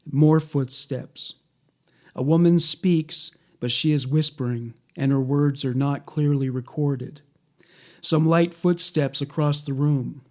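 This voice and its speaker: A man reading a scripted documentary narration in a measured, matter-of-fact way. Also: mid-range voice, darkish tone.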